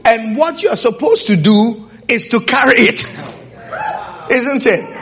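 A man's voice: extremely high pitch, animated, a little slow, fairly bright tone. A man preaching a sermon to a congregation, often stopping to ask whether they understand, on a dull lo-fi recording. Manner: keeps checking in with the congregation with rhetorical questions.

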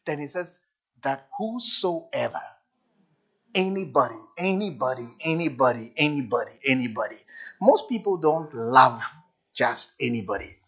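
A preacher delivering a sermon dramatically, repeating and stretching key words, dropping to a hush and then rising to a shout, and often asking the congregation questions. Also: mid-range voice, lively intonation, moderate pace, slightly rough. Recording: dull lo-fi sound.

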